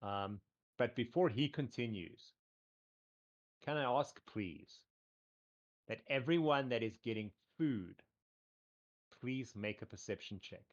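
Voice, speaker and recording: A man running a tabletop game as game master, narrating casually and often pausing on "um" and a repeated "cool". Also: mid-range voice, muffled recording. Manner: rambling, full of "um" and repeated "cool".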